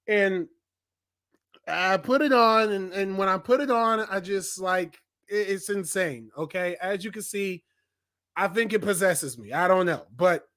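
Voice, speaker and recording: A man's voice: high voice, a bit bright. A man hosting a review show in casual chat, flustered, stammering and apologetic. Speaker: show host.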